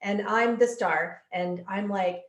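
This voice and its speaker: A woman's voice: mid-range voice, steady tone, slow, lo-fi sound. A woman working as a psychic medium, relaying channeled answers in a flowing, earnest way and repeating words for emphasis. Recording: echoey room.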